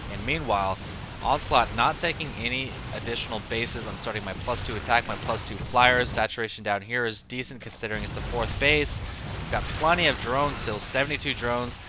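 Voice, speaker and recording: A man's voice: medium pitch, a little fast, music in the background. Man breaking down his own match. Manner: analytical, opinionated, loose and chatty. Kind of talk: casual gameplay commentary. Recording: steady background noise.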